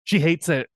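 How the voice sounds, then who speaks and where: A man's voice: very high voice, no room sound, studio quality. A man co-hosting a podcast in jokey casual chat with frequent laughs. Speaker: podcast co-host.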